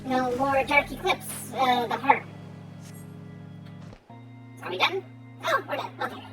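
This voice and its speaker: A woman's voice: high voice, animated, measured pace, fairly bright tone, poor audio. A woman streaming a game, chatting casually and giggly as she plays. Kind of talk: casual gameplay commentary. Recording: game music playing underneath. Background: game music.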